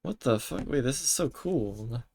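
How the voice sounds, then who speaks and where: A man's voice: mid-range voice, animated, a little slow, vocal fry, darkish tone. A man streaming a game live, reacting in panicky bursts, swearing and exclaiming as he plays.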